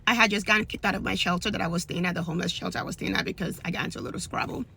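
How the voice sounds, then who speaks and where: A woman's voice: on the low side, fairly even intonation, rapid-fire, vocal fry, pushed and bright, slight background noise. A woman telling an emotional personal faith testimony in an earnest, conversational way. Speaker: storyteller giving a faith testimony.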